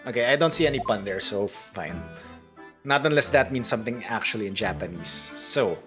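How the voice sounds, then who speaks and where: Streamer voice-over, casual reading with dry jokes, music playing. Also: male voice, on the low side, animated, brisk, fairly bright tone. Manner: wry, joking asides. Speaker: streamer reading a game aloud. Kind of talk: casual playthrough narration. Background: game music.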